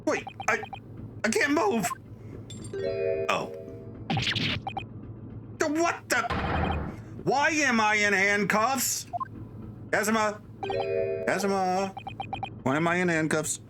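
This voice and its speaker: A man's voice: on the high side, huge pitch swings, unhurried, long pauses, pitched above the performer's own voice. A man reading out a panicky young defendant, flustered, stammering and pleading. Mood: panicked. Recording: gameplay commentary with game music behind.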